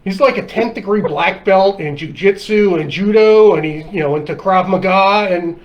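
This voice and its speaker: A man in a casual chat, a lively storyteller who laughs often. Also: sits high, moderate pace. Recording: dull lo-fi sound.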